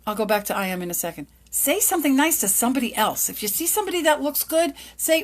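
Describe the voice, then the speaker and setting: Middle-aged woman host, higher voice, upbeat motivational talk, plays out little dialogues. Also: big pitch swings, fast talker. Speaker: lawyer and podcast host. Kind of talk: motivational monologue.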